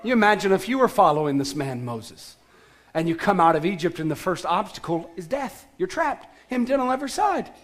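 A man preaching a sermon as pastor, emphatic, with shouted calls to action and sudden soft, low passages. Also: big pitch swings, brisk.

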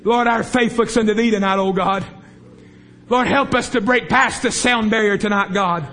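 A man's voice: high voice, normal speed, bright, forceful tone, slight background noise. A man preaching a fervent revival sermon in a church service, impassioned and repetitive as he calls out to the congregation.

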